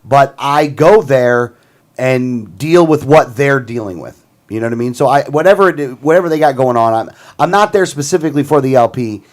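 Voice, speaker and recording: A man's voice: medium pitch, lively intonation, normal speed. A man co-hosting a talk show, talking bluntly and emphatically with frequent restarts. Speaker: co-host. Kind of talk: casual talk show chat.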